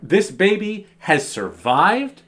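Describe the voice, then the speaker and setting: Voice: mid-range voice, very animated, takes it slowly, fairly bright tone. A podcast co-host recapping a movie in incredulous, swearing casual chat.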